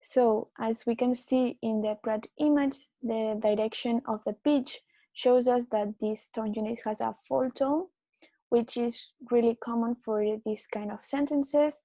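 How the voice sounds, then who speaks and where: A woman giving a class presentation as a student, explaining in a steady way. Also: a little high, a little slow, dry recording, poor audio.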